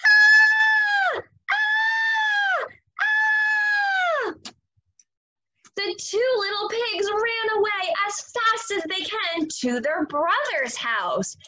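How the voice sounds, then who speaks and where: A woman teacher reading a story aloud to young children, animated and expressive. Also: very high voice, takes it slowly, hardly any pauses, highs cut off, slight background noise. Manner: animated, expressive, gasping for effect.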